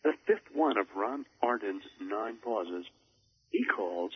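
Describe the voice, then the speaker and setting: A man coaching on public speaking in a measured way, with deliberate pauses for emphasis. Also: fairly low pitch, animated, husky, lo-fi sound. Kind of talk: instructional talk on a recorded program.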